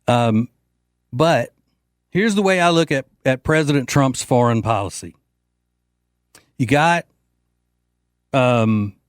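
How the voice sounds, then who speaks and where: A political talk show host with a mid-range voice delivers a brash, joking, rambling monologue into a studio microphone, filled with frequent fillers. There's no echo.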